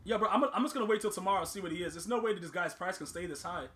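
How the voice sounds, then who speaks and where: A man giving ranting gameplay commentary as a gaming host, excitable and full of slangy trash talk. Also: high-pitched, very fast.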